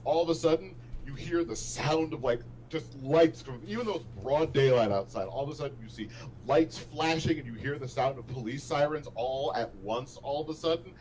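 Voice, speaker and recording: A man's voice: a little high, normal speed, darkish tone, a little hiss or hum, low-quality recording. A man running a tabletop game as game master, explaining rules and narrating scenes, often laughing at his own descriptions.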